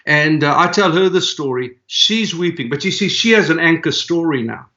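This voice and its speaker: A man's voice: on the high side, animated, normal speed, bright, forceful tone, dull audio. A man with a South African accent, a podcast guest and church planter, telling personal stories in an earnest, conversational way with frequent fillers. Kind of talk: conversational storytelling.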